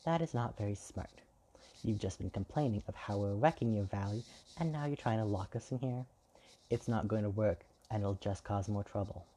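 A stern, cold white queen, read by a gravelly man. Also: lowish voice, normal speed, dark tone.

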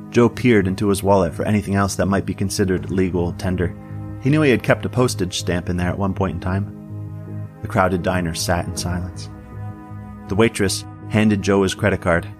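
A man narrating a story in an even, measured audiobook style. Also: sits low, soft background music.

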